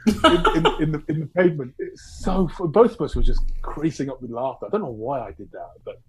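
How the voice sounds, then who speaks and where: A man's voice: on the high side, fairly quick, a little hiss or hum. A middle-aged man, candidly telling wild stories in conversation, swearing and restarting often. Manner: animated, swearing, laughing through anecdotes, many restarts. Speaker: guest.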